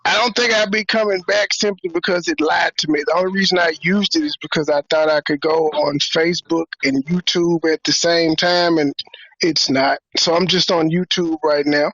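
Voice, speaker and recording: A man's voice: fairly high pitch, fairly even intonation, moderate pace, fairly bright tone, no echo. Blunt man hosting a stream. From Memphis, USA. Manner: blunt, provocative, teasing. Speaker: show host. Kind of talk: livestream talk show chat. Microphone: video call stream. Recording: dull dry lo-fi stream audio.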